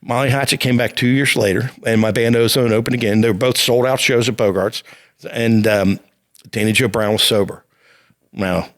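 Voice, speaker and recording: A man's voice: medium pitch, a bit bright. Frank middle-aged male podcast host. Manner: rambling, frank, with many restarts. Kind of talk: candid podcast storytelling.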